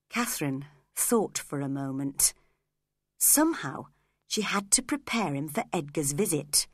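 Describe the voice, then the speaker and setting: Slow, expressive woman narrating a story. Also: low-pitched, husky, dry recording, studio quality. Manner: expressive, first-person storytelling. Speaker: audiobook narrator. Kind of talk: scripted narration of a novel.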